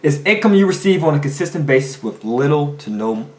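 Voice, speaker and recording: A man's voice: on the high side, expressive, brisk. Emphatic man coaching in an echoey room. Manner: emphatic, preachy, rhetorical questions. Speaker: finance coach. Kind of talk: motivational monologue.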